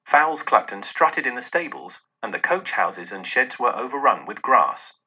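A man's voice: mid-range voice, moderate pace, breathy edge. A man expressively narrating a classic novel aloud. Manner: expressive storytelling. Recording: dull lo-fi audio.

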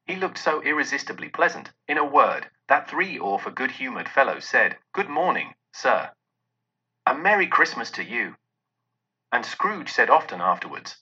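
Male audiobook narrator, very bright husky tone, animated delivery, lo-fi sound. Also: mid-range voice, moderate pace, few pauses. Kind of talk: expressive storybook narration. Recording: dull lo-fi recording.

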